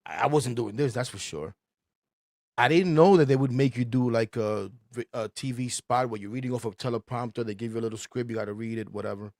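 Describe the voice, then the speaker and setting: A man's voice: mid-range voice, brisk, darkish tone, no room sound, studio quality. A man with a New York accent hosting a sports podcast, chatty and eager. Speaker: podcast host. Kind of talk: casual podcast chat.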